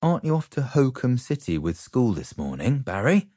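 A man voicing a weary but cheerful dad with a slow, easygoing delivery. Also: medium pitch, sing-song, warm tone, no room sound, clean studio sound, pitched above the performer's own voice. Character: weary cheerful British dad, middle-aged.

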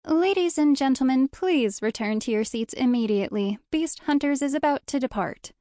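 Woman voicing a prim, anxious young guide, brisk and sugar-sweet, pitched up. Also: lively intonation, no echo, clean studio sound, natural voice. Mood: urgent. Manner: bright, sugary, higher-pitched. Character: prim young female tour guide, anxious but scheming.

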